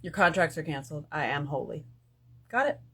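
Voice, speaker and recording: A woman hosts a casual spiritual live stream from her phone. She talks in lively swings, going from loud outbursts to hushed asides, and she curses freely as she goes. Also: deep voice, fairly quick, husky. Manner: animated, swings between loud bursts and hushed asides, profane.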